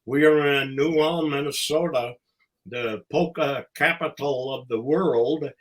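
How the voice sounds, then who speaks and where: An older man, a former wrestling promoter and ring announcer, telling stories casually as a podcast guest, halting and fond, with pauses between phrases. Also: mid-range voice, rough recording. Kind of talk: casual anecdotal storytelling.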